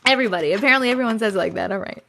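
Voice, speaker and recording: A woman's voice: medium pitch, gravelly, fairly bright tone, a little hiss or hum. A woman with a New York accent hosting a casual livestream chat from home on a phone, giggly and playful. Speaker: livestream host.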